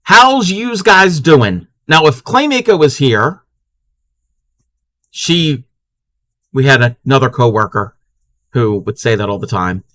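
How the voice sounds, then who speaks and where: A man's voice: medium pitch, animated, measured pace, long pauses, fairly bright tone, no room sound. A man hosting a casual live crafting stream, chatting playfully with viewers and laughing often.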